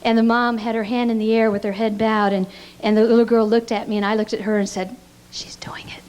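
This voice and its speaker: A woman with a voice a little higher than most speaks earnestly at a pastors' conference. She teaches through heartfelt stories and often stumbles on repeated words as she goes. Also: little pitch movement, fast talker, darkish tone, clear, resonant tone. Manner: earnest storytelling with frequent stammered repeats.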